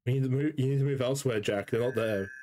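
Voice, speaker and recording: A young man with a mid-pitched voice, talking casually over a headset while gaming. He jokes around and swears easily. Faint hiss sits under the recording. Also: fast, warm tone. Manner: laid-back, joking, swears freely. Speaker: streamer playing with friends.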